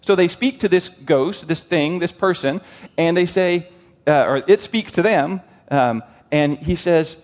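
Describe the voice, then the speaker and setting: A man preaching a sermon in an animated way, asking the congregation questions. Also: on the high side, unhurried, long reverb tail. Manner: animated, asks the crowd questions, lively quoted voices.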